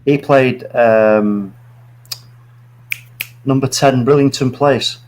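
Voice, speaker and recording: A man's voice: medium pitch, fairly even intonation, very slow, darkish tone, a little hiss or hum, rough recording. A man hosting a casual video-call chat, rambling and searching for words. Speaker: host.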